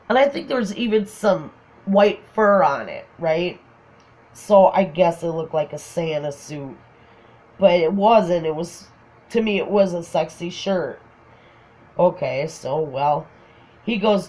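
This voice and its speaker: A woman's voice: on the low side, measured pace, a little mellow, poor audio. A woman with a Minnesotan accent casually telling a funny personal story, often laughing. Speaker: craft vlogger.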